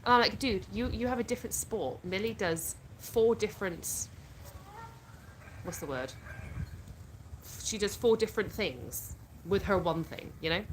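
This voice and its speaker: Woman, 30s, livestream host, casual chat, reads viewer comments aloud, middle pitch, phone mic, background noise with clicks. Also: expressive, unhurried, long pauses, poor audio. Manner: chatty, reads out viewer comments and answers them.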